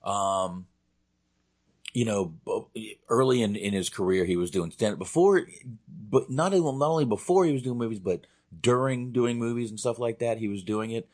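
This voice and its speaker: A man's voice: on the low side, moderate pace, a little mellow. A man hosting a podcast in casual chat, laid-back and agreeable, with hesitant fillers. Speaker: podcast host.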